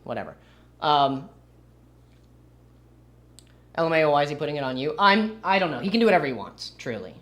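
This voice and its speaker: A man's voice: fairly high pitch, expressive, fairly quick, pauses often, a bit bright. A young man streaming and commenting casually, with a rambling, sarcastic manner. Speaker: livestreamer.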